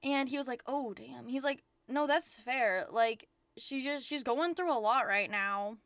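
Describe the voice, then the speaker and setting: A woman's voice: sits high, unhurried, a bit bright, no echo. A young woman streaming from home, venting and rambling with lots of profanity in casual chat.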